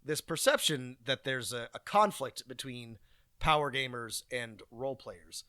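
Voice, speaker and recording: A man's voice: mid-range voice, unhurried, bright, forceful tone, dry recording, studio quality. A man co-hosting a podcast in casual chat, rambling and hesitant with many ums and restarts. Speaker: podcast co-host.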